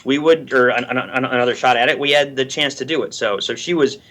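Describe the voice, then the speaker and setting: A man chatting on a podcast over a video call, halting and repeating words as he tells stories. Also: mid-range voice, fairly even intonation, a bit bright. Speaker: guest actor and producer. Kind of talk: casual podcast chat.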